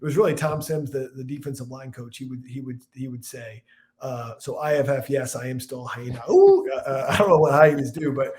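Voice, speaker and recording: A man in his forties from Illinois, a football analyst telling stories as a podcast guest, rambling and animated. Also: mid-range voice, fairly quick. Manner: animated, rambling storyteller with restarts and voiced quotes. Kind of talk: casual storytelling chat.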